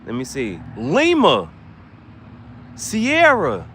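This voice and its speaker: A man chatting casually and joking, laughing often and swinging his voice high and low. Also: wildly swooping pitch, drawn-out words, bright, forceful tone, slight background noise. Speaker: channel host.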